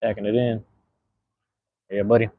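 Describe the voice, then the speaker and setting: A man's voice: on the low side, level tone, moderate pace, no echo. Young man, from the US West Coast, live-stream host, rambling casual talk, street slang, dry dull lo-fi sound. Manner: laid-back, rambling, street slang and cursing.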